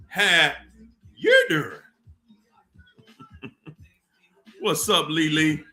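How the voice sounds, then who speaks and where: Unhurried man greeting his livestream chat. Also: fairly high pitch. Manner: slow, drawn-out shout-outs with laughs. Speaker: livestream host.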